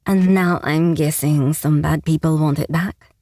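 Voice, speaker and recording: Gravelly, low-voiced woman reading a romance. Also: steady tone, a little slow, dark tone, no room sound, studio quality. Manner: wry, sarcastic first-person narration. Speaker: audiobook narrator. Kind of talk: first-person romance audiobook narration.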